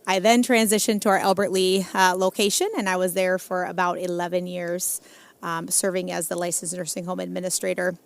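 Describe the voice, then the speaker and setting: Woman in her forties, lowish gravelly voice, calm and measured interview guest. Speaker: senior care executive. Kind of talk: casual conversational interview.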